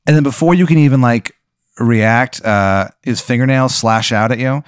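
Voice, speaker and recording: A man's voice: mid-range voice, moderate pace, smooth, dry recording, studio quality. A young man hosting a podcast, casually telling an improvised crude story with lots of fillers. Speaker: podcast host.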